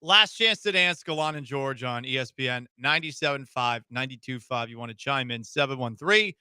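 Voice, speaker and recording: A man's voice: medium pitch, brisk, sharp tone, clear, resonant tone, no echo. A man hosting a sports talk radio show in a studio, speaking in a wry, sarcastic way.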